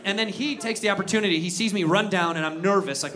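A man's voice: sits high, fast, pushed and bright. A man performing a stand-up comedy set before a live audience, telling a story animatedly and acting out the characters. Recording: live show with crowd and noise. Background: audience laughter.

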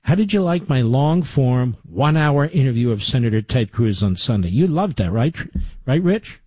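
A man's voice: mid-range voice, expressive, normal speed, dark tone, slightly rough, no echo. A middle-aged man hosting a talk radio show, delivering a combative, conversational monologue with sarcastic asides into a studio microphone.

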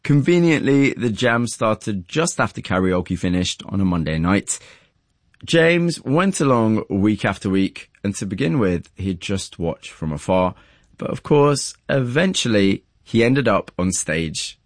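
A man narrating a documentary and asking interview questions in a measured, even delivery. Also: fairly low pitch, no room sound, studio quality.

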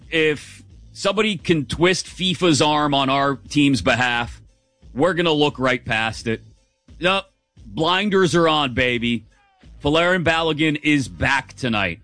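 An American man hosting a sports radio show, giving a sarcastic, opinionated monologue. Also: no echo. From United States. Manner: sarcastic, animated, shifts pitch for emphasis.

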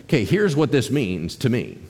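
A male pastor preaching a sermon in a lively, conversational way, joking and putting questions to his congregation. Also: mid-range voice, moderate pace, slightly rough. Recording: long reverb of a large hall.

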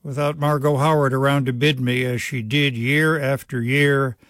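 A man's voice: mid-range voice, fairly even intonation, moderate pace, a bit bright, no echo. A male radio news host reading a scripted essay with wry, affectionate storytelling. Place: dry radio studio. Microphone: studio microphone.

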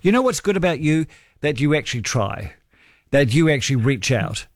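A man's voice: fairly high pitch, sing-song, normal speed, no echo, studio quality. A man, hosting late-night talkback radio in a chatty, encouraging way, telling stories. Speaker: fill-in talkback radio host.

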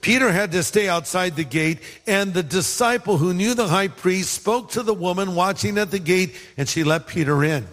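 A pastor preaches a sermon, telling a story with humor and animated delivery, acting out the voices of the people in it and adding funny asides. His high-pitched voice moves at a moderate pace with hardly any pauses. Faint music plays behind, and the recording has long hall reverb.

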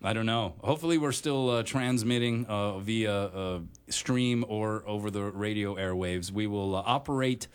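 A man's voice: fairly low pitch, normal speed, hardly any pauses, clear, resonant tone. A man co-hosting a radio talk show, chatting loosely with plenty of fillers and easy laughter. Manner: chatty, rambling with many fillers, laughs easily. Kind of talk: casual on-air banter.

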